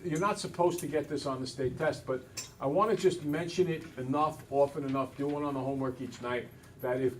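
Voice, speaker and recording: A man teaching a math class, brisk and teasing, talking to students in a classroom. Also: medium pitch, far from the mic, slight background noise.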